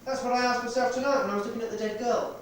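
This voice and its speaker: A man's voice: very high-pitched, little pitch movement, rapid-fire, fairly bright tone, recorded from a distance. A man playing a stern, probing police inspector. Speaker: amateur stage actor. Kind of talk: stage play rehearsal. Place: rehearsal hall. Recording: echoey hall recorded from afar, noisy.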